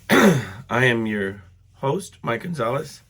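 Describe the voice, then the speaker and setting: A middle-aged man hosting a casual solo podcast while sick and congested, rambling with many fillers and clearing his throat. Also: medium pitch, big pitch swings, extremely slow, fairly bright tone. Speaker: podcast host.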